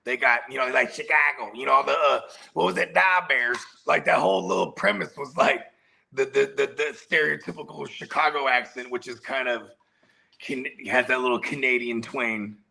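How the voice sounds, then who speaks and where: A man co-hosting a morning news podcast, chatting casually and loudly, breaking into high playful shouts. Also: moderate pace, creaky. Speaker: co-host. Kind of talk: casual chat.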